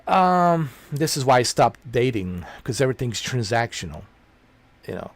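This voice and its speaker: Brief: a male streamer with a gravelly voice on a casual, profane, rambling rant. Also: mid-range voice, big pitch swings, moderate pace. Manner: rambling, blunt and profane, repeats himself. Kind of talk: casual ranting chat.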